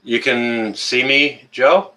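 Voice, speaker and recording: A man's voice: mid-range voice, fairly even intonation, slow pace, sharp tone. A man with a Canadian accent hosting a casual live-stream chat on a webcam and greeting viewers one by one by name. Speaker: livestream host.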